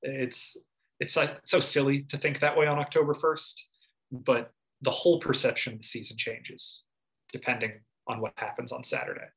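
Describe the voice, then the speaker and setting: A man's voice: mid-range voice, flat delivery, moderate pace, a bit bright, low-quality recording. A man speaking as a sports reporter and co-host on a casual podcast, giving thoughtful analysis with a light touch of humor.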